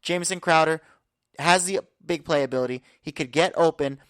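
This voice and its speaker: A man hosting a podcast, giving an energetic, confident sports breakdown full of statistics. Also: fairly high pitch, moderate pace, smooth, no echo, studio quality. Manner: energetic, confident, stat-heavy rundown. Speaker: podcast host. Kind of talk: casual sports analysis talk.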